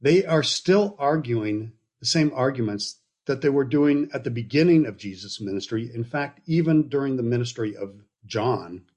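A man with a somewhat husky, middle-range voice teaches from scripture. He talks in a loose, conversational way, pausing to check in with his listeners and drifting into everyday examples. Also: medium pitch. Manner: relaxed, explaining with frequent okays and asides. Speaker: Bible teacher.

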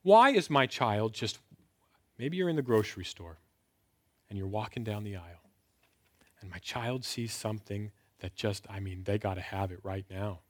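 A man's voice: fairly low pitch, lively intonation, normal speed. A man in his thirties giving a conversational sermon as a pastor, asking rhetorical questions and leaning hard on key words. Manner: conversational preaching with rhetorical questions and emphatic rises. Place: indoors, filmed talk.

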